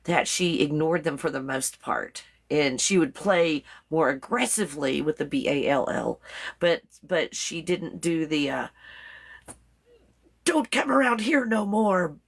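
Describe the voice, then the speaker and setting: Woman live-stream host, lower voice, chatty, laughs a lot, reads out comments. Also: a little slow, gravelly. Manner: spells out words letter by letter. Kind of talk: casual live stream chat.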